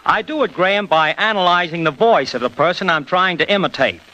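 A man's voice: sits high, brisk, bright, forceful tone, poor audio. A man as a guest on a scripted vintage radio interview, explaining his craft in a jokey way.

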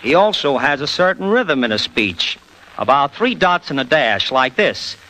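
A man's voice: mid-range voice, very animated, moderate pace, sharp tone, low-quality recording. A man as a guest on a scripted vintage radio interview, explaining his craft in a jokey way.

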